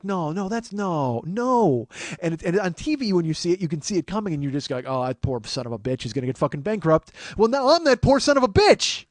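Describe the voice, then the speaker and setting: A man's voice: a little high, no room sound. Profane storytelling man, dry close sound. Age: 40s. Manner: animated, profane, shouts quoted outbursts. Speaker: podcast host. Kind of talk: comic storytelling monologue.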